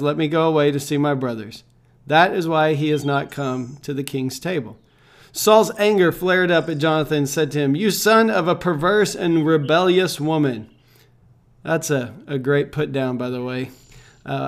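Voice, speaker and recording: A man leading a devotional Bible reading, calm and measured, pausing with fillers as he reflects. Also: fairly high pitch.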